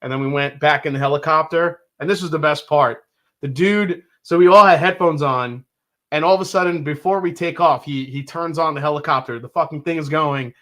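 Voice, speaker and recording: A man's voice: fairly high pitch, fairly quick, fairly bright tone. A middle-aged man co-hosting a casual bourbon tasting, chatty and prone to restarts as he tells a story. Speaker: podcast co-host.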